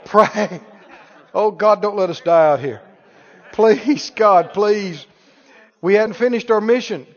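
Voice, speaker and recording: A man's voice: sits high, takes it slowly, long pauses, a faint crowd. A man voicing frightened disciples who plead with God to save them. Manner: pleading, repetitive begging. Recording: echoey hall, dull sound.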